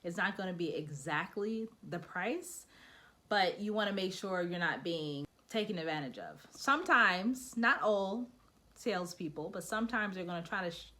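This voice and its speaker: A woman's voice: on the low side, moderate pace, fairly bright tone. A young woman talking casually in a vlog, giving advice and acting out little bits of dialogue. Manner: chatty, acts out quoted dialogue. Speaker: vlogger.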